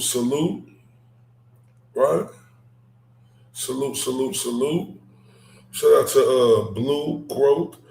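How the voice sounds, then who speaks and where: A man from Dallas, hosting a casual livestream chat, animated and laughing, ending points with "right?". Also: medium pitch, vocal fry, reverberant, a little hiss or hum. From Dallas, Texas. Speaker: livestream host.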